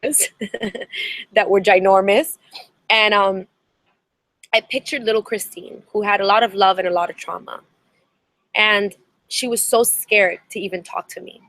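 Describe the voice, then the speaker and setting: A woman's voice: medium pitch, a bit bright, no echo, rough recording. Woman therapist, webinar talk, earnest, repeats herself, dry sound. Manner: earnest, repeats words, frequent restarts. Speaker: therapist and coach.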